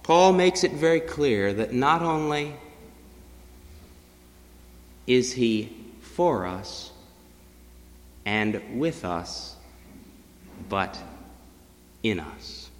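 A man preaching a sermon, swinging between loud declarations and hushed, low-pitched passages. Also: lively intonation, very slow, long pauses, in a large hall.

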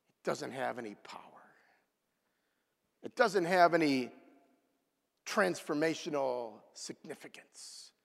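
A man preaching a sermon with dramatic swings between loud exclamations and hushed whispers. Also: on the high side, vocal fry. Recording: long reverb of a large hall.

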